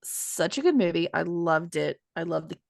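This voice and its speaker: An excitable woman in her thirties co-hosting a casual podcast chat. Her pitch swings widely as she talks, with plenty of fillers. The recording is dry and close. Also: normal speed, gravelly, no echo. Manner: animated, excitable, many fillers. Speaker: podcast co-host.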